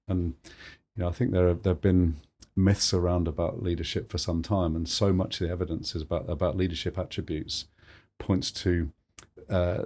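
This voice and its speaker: Low-voiced host guy, encouraging, stumbles and restarts a lot. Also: a little mellow. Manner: encouraging, halting with many restarts. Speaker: podcast host. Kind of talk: conversational interview.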